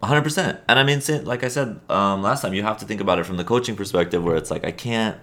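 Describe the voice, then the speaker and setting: Deep-voiced guy rambling on a podcast, lots of ums and chuckles. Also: quick pace, fairly bright tone. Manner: rambling, chuckling, filler-heavy. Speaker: podcast co-host. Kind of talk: casual sports chat.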